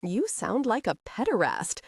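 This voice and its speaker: Feisty tomboy girl, snappy and defiant, read by a woman, lively pitch, dry sound. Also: unhurried, breathy edge, no echo, exaggerated voice. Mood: scornful. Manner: defiant, sharp-tongued. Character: fiery tomboyish young woman, defiant and sharp-tongued.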